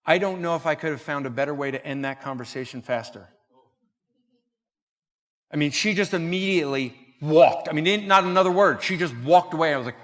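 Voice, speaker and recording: A man giving a conference talk at a church, telling a story and acting out the dialogue in an animated way. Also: on the high side, normal speed. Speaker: conference speaker. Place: church hall. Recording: reverberant church hall.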